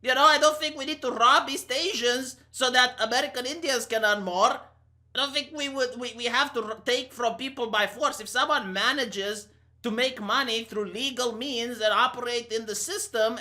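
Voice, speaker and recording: A woman's voice: fairly high pitch, moderate pace, bright, forceful tone. A woman in her thirties with a Romanian accent, ranting sarcastically and profanely in an opinion vlog. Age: 30s. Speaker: commentary vlogger. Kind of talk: opinion rant to camera.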